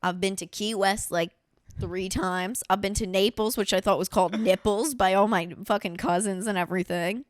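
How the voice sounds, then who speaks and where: A woman's voice: medium pitch, fairly even intonation, moderate pace, no room sound. Young woman comic hosting a podcast: brash, sarcastic, swears a lot, dry close-miked sound. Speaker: podcast host and comedian. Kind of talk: casual comedic podcast chat.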